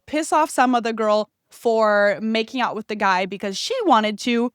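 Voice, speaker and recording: A young woman hosting a podcast, telling a story in a casual, animated way, swearing freely and acting out the people she quotes. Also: on the high side, normal speed, few pauses, clean tone, no room sound, clean studio sound. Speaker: podcast host.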